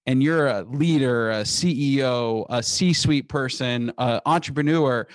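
A man being interviewed about the business he founded. He talks in an emphatic, energetic way and often restarts his sentences. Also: medium pitch, unhurried, dry recording. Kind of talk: casual interview talk.

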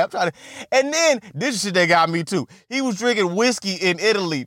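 A man retelling a film plot in casual, profane, animated talk, often stammering and repeating himself. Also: high-pitched, moderate pace, no echo, clean studio sound. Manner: animated, repetitive, swears constantly, stammers on restarts. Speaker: movie recap vlogger.

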